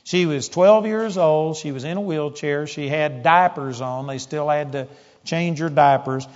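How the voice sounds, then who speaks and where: A man's voice: a little high, a little slow. A man preaching a sermon, telling a story in an emphatic, conversational way. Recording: dull audio in a large hall with long reverb.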